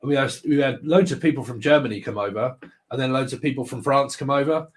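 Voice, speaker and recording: A man's voice: medium pitch, quick pace. A man hosting a live tarot stream, chatting casually with viewers, joking and laughing often. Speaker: tarot livestream host.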